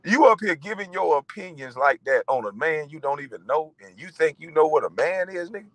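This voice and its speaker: A man in his forties ranting in a profane monologue, animated and mocking, breaking into laughter. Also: a little high, brisk, rough recording. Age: 40s. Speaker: vlogger.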